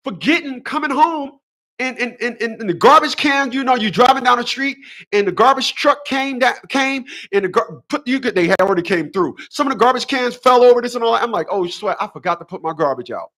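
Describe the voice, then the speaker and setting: A man's voice: extremely high pitch, fairly quick, bright, forceful tone. A man hosting a relationship advice show, delivering a preachy solo monologue full of repeated rhetorical questions and emphatic short phrases.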